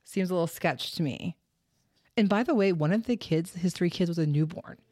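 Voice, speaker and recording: A woman's voice: lowish voice, normal speed, a little mellow, no echo, clean studio sound. A woman hosting a true crime podcast, telling the story in casual, chatty talk full of fillers and the odd swear word. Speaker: podcast host.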